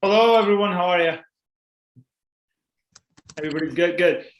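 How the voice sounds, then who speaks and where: A man's voice: high-pitched, normal speed, roomy sound, low-quality recording. A man, a health and wellness coach, cheerfully introducing himself on a video call. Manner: cheerful, chatty.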